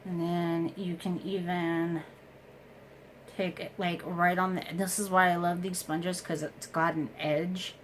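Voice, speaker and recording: A woman with a lowish voice gives a casual makeup tutorial at home. She talks slowly and chattily through each step and pokes fun at herself. A faint hum sits in the background. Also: flat delivery, low-quality recording. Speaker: beauty vlogger.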